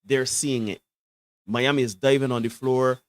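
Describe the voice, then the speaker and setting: A man giving emphatic basketball analysis on a sports talk show. He often asks "right?" and swings between low asides and loud, preachy bursts. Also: fairly even intonation, normal speed, clean tone, dry recording.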